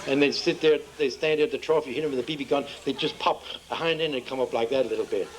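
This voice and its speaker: A joke teller entertains a festival crowd outdoors, spinning folksy yarns and voicing each character with changes in pitch. He talks at a quick pace, and the audio is poor with slight background noise.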